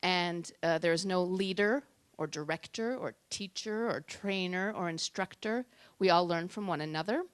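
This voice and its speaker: A woman giving a talk on public speaking at a tech meetup, lively and shifting between loud and soft for emphasis. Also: on the low side, normal speed, smooth, dry recording. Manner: lively, varies loudness and pace for emphasis.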